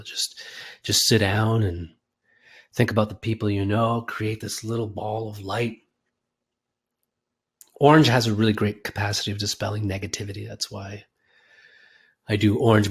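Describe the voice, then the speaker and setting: A man hosting a live audio call, guiding listeners through a slow, soothing visualization and chatting casually. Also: lowish voice, level tone, breathy edge. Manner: slow, soothing, drawn-out guidance. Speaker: host leading a guided meditation.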